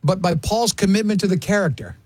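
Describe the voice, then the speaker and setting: Here is a middle-aged man hosting a talk show, his voice high for a man and husky. The sound is dry and close to the mic. He reads out listener comments between bursts of laughter. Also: a little fast, a little mellow, no echo. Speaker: radio show host. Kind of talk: casual studio banter.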